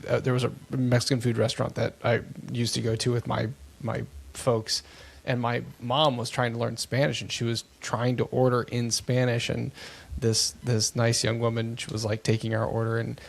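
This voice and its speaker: Gravelly man rambling casually. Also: mid-range voice, moderate pace. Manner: rambling, animated storytelling with many fillers. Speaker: podcast co-host. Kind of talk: casual chat.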